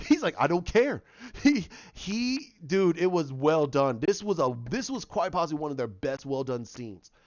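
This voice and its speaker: A man in his thirties casually recapping a TV episode, telling it excitedly and acting out the characters' lines. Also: on the high side, unhurried, no room sound. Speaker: TV episode reviewer. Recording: dull, dry lo-fi sound.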